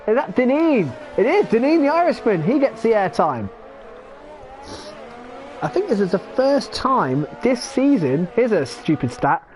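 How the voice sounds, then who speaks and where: An English man commentating live on an online sim racing league, chatty and excitable, often correcting himself. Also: sits high, slight background noise. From England. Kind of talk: live esports race commentary.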